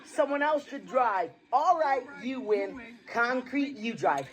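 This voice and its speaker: A man voicing a reckless, showy grown-up talking cat in a fan dub, with boastful sales-pitch patter. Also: animated, slow, full character voice. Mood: playful. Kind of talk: fan dub of a film scene.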